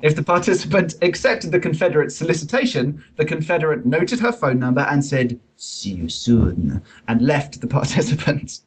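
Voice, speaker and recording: A man's voice: on the high side, a little fast, few pauses, slightly rough, poor audio. A man hosting a comic science podcast, wry and pun-loving, reading from a study. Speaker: podcast host.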